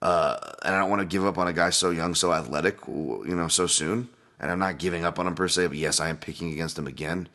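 A man's voice: low-pitched, fast, hardly any pauses, sharp tone. A man hosting a casual solo podcast, rambling loosely through fight picks at home with lots of fillers and restarts. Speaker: podcast host, fight analyst. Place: at home, dog nearby.

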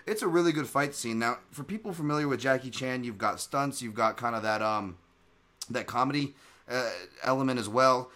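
Bright-voiced male podcast host. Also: medium pitch, a little fast. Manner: animated, rambling with restarts. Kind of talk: casual chat.

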